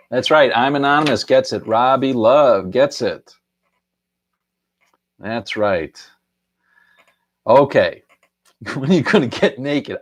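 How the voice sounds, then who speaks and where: Slow, chuckling man hosting a live stream. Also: medium pitch. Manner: chuckles often, half-sings lyric lines and reads out viewer answers. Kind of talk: casual live stream chat, quizzing viewers on song lyrics.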